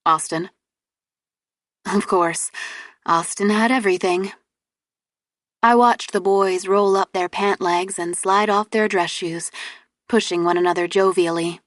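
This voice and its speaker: A woman narrating a first-person audiobook in a lively, youthful manner. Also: fairly low pitch, measured pace, pauses often, dry recording, studio quality.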